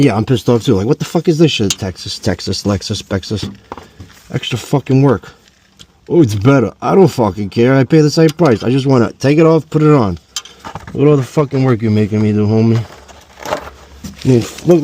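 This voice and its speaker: A man in his forties rambles through a story full of swearing and jokes while he works on a car outdoors. His voice is mellow and mid-pitched, and some faint noise sits behind it. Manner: profane, joking, rambling and animated. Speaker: DIY car vlogger.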